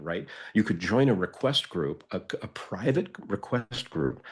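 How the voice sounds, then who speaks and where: With a low, husky voice, a podcast co-host tells a story in a casual way. He's animated and acts out the dialogue he quotes.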